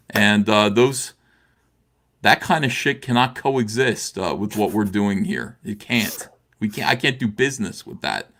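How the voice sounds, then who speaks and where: A man's voice: medium pitch, a bit bright. A middle-aged man on a video call, speaking with impassioned heat, full of restarts and "uh"s. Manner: impassioned, repetitive, restarts with many "uh"s. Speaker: livestream guest. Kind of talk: heated livestream talk.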